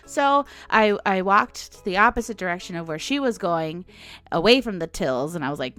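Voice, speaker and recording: Faint, soft music sits behind a U.S. podcast host in her forties as she tells a meandering story at normal speed. Her mid-range voice swings up and down all the time, and she's animated and chatty, laughing frequently and performing other people's quotes.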